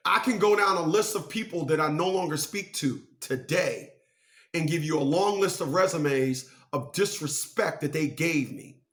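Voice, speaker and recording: A man's voice: fairly high pitch, moderate pace, a bit bright. A man giving a motivational monologue who speaks emphatically and repeats phrases to drive his points home.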